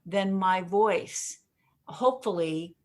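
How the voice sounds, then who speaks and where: A communication coach, speaking as an interview guest in a medium-pitched voice, explains how to deliver a message. She acts out her points expressively with pauses, stretched words, and emphasis, laughing often as she talks.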